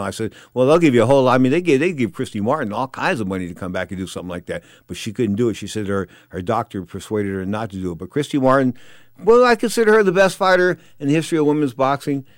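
A middle-aged man telling a story on his show, excitable, stammering and repeating words, swinging from loud to quiet. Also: on the low side, quick pace, dry recording, studio quality. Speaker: radio host telling stories. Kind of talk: casual storytelling.

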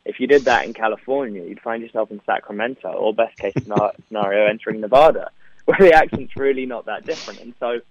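A man's voice: lowish voice, quick pace. Young man, English accent, actor guest, chatty, laughs a lot, phone-quality line. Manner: chatty, laughs often, many fillers. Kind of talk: remote interview. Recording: tinny phone-like line, dry.

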